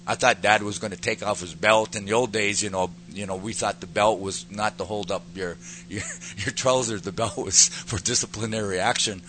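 Earnest, forceful low-voiced man preaching. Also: fairly even intonation, normal speed, a little hiss or hum, rough recording. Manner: earnest, rises to emphatic peaks. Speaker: guest giving a testimony. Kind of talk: personal testimony and preaching.

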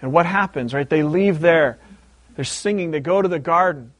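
A high-voiced male pastor delivers a sermon, retelling a story with lively animation. He circles back and repeats key words to drive each point home. The sound is close and dry, with no room around it. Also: normal speed, no echo.

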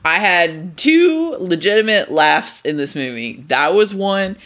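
Guy recapping a movie on a podcast, bright voice, laughs a bunch, swears. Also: high-pitched, big pitch swings, a little slow. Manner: laughs often, swears, sums up plot. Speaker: podcast co-host. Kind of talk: casual chat, movie review.

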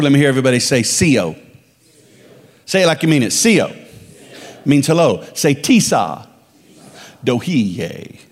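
A man from the Dakotas preaching as a guest speaker, emphatic and calling on the congregation to repeat phrases after him. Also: medium pitch. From Dakotas, United States. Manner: emphatic, calls for congregation responses. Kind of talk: sermon. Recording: long reverb of a large hall.

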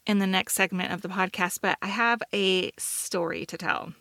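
A woman's voice: medium pitch, steady tone, moderate pace, vocal fry, bright, forceful tone, no echo. A middle-aged woman co-hosting a podcast, telling a self-mocking story in casual chat, full of fillers. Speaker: podcast co-host.

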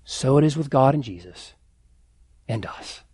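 A man's voice: mid-range voice, lively intonation, unhurried, darkish tone, breathy edge, no echo. A man, a pastor, preaching a sermon earnestly, building emphasis with repeated phrases.

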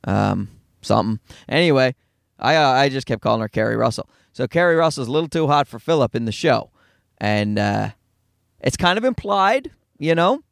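A middle-aged man with a Newfoundland accent, a stand-up comedian talking fast and profanely in a rambling, self-deprecating monologue from his car. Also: medium pitch, very animated, vocal fry, dry recording, clean studio sound. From Newfoundland, Canada. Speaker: stand-up comedian, podcast host.

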